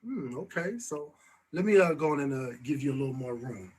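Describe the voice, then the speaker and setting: A man's voice: medium pitch, expressive, brisk, darkish tone, slight background noise. A man hosting a casual talk show, loose and chatty, often repeating "you know what I'm saying.". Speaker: show host.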